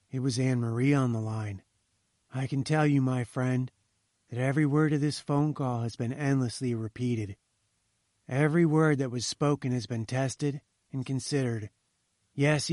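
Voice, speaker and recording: Storybook narrator, adult man, measured and steady, dry booth sound. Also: medium pitch, dry recording. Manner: measured, slowing to a hush at grim moments.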